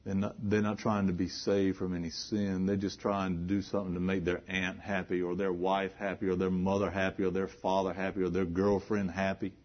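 A male preacher delivering a sermon, swinging between hushed, earnest talk and loud, emphatic preaching, and throwing rhetorical questions at the congregation. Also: low-pitched, little pitch movement, fairly quick, hardly any pauses, lo-fi sound.

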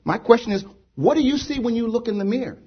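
A man's voice: very high-pitched, expressive, fast talker, breathy edge, lo-fi sound. A man preaching a sermon to a congregation, emphatic, repeating rhetorical questions. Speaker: pastor. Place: church with a congregation.

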